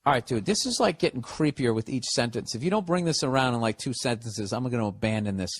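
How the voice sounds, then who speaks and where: A man's voice: medium pitch, lively intonation, quick pace, slightly rough, no echo. A man with a Boston accent hosting a podcast, giving rambling, profane, sarcastic advice in a casual comedic monologue. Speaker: podcast host. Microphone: podcast studio mic.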